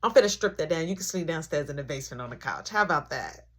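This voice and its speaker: A man's voice: fairly high pitch, animated, fast talker, pitched below the performer's own voice. A young man voicing his strict, angry mother as she scolds her sons during a storytime. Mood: stern. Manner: sharp, scolding, preachy.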